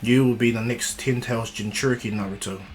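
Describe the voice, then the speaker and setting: A man voicing an ancient, wise male sage who speaks in a measured, fatherly way and explains at length. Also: medium pitch, fairly even intonation, soft background music, close to an everyday voice. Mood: calm.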